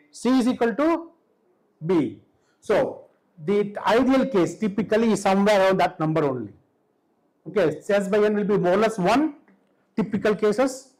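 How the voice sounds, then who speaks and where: A man with an Indian English accent giving a classroom lecture in a college hall, constantly quizzing his students with quick questions. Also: sits high.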